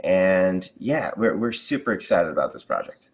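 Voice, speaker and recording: An American conversation designer with a fairly low voice talks casually at normal speed as a guest on an interview show. He's enthusiastic about his work and jumps into lively acted-out voices for his examples.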